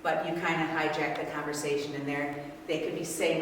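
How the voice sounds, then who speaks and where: A woman's voice: sits low, a little fast, few pauses. Older woman speaking far off in a hall. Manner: animated, asks the audience questions. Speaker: speaker leading a parent workshop. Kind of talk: interactive talk to an audience. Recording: echoey hall from far off, noisy.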